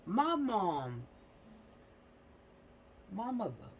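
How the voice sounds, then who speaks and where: Gravelly-voiced woman ranting bluntly. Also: medium pitch, big pitch swings, very slow, muffled recording, a little hiss or hum. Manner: emphatic, repeats phrases, frequent "you know what I'm saying"; blunt, uses mild profanity. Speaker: channel host. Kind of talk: casual commentary vlog.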